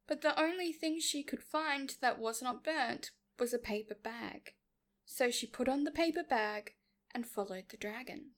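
A woman reading a children's story aloud, narrating calmly and clearly. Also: high voice.

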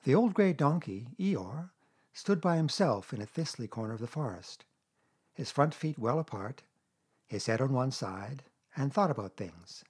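Husky man reading a storybook aloud. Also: medium pitch, animated, normal speed, a little mellow. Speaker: narrator.

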